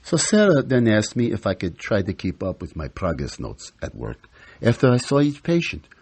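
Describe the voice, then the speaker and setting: A grumbling grandfather psychiatrist in his sixties, played by a man in a comic stage monologue, ranting about everything with a husky edge. His voice leaps high and drops low all the time, very animated. He sits slightly low in pitch and sprinkles in Yiddish words. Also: normal speed, full character voice. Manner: kvetching, exasperated rant with Yiddish words. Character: exasperated older male psychiatrist, grumbling grandfather.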